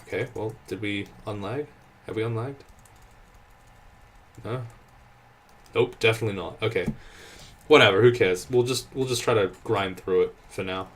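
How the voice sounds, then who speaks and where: A man's voice: fairly low pitch, normal speed, pauses often, fairly bright tone. A man giving casual, exasperated gameplay commentary, swearing often and restarting his sentences. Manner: exasperated, sweary ranting with frequent laughs and restarts. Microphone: desk microphone.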